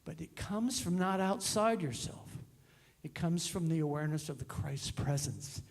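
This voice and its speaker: A middle-aged male minister giving a conversational, animated sermon in a church. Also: on the high side, moderate pace, creaky. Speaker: guest minister. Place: church sanctuary.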